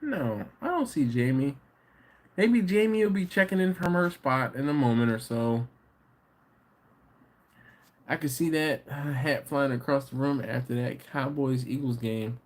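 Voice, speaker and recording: He speaks in a mid-range, expressive voice while hosting a relaxed livestream. Reading comments from viewers aloud, the man jokes with them in a teasing, chatty way and laughs quickly and often.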